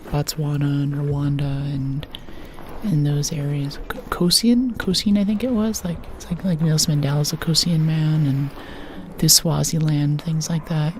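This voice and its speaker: A woman from the United States streaming a game in a soft-spoken ASMR style, rambling playfully and often dropping to a whisper. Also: low-pitched, fairly even intonation, moderate pace, a little hiss or hum.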